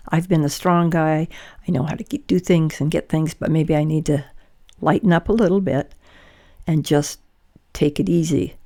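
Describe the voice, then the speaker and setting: Older woman with a gravelly low voice. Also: warm tone. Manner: earnest, halting, with frequent restarts. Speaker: podcast host. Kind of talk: candid conversational podcast.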